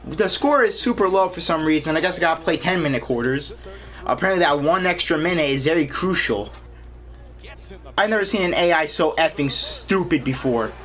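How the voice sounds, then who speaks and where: A young man gives loud, excitable commentary over his gameplay, griping at every bad call. His voice sits high and swings widely in pitch, with a bright, sharp tone. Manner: excitable, complains and shouts at the game. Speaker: gaming YouTuber.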